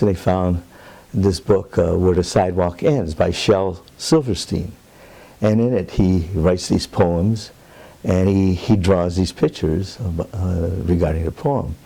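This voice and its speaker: A man's voice: low-pitched, creaky, warm tone. An older man being interviewed, telling a personal story in an earnest, plainspoken way with rambling asides. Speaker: interviewee, Roma advocate.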